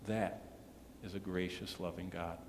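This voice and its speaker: A man preaching a sermon as pastor, earnest, often dropping to a hushed tone to stress a point. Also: deep voice, steady tone, measured pace, slight background noise. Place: church sanctuary. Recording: echoey church hall with long reverb.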